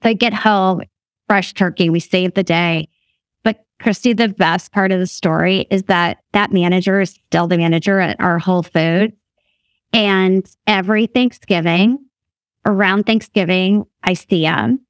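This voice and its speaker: A woman's voice: on the low side, unhurried, no room sound, studio quality. Woman in her fifties telling a story. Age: 50s. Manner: laughs often while talking, animated quoting of others. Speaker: guest. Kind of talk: casual storytelling.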